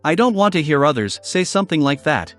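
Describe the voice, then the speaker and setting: A man's voice: on the high side, sing-song, fairly quick, fairly bright tone, faint music behind. A man reading the lines of a proud young male vampire who sounds despondent.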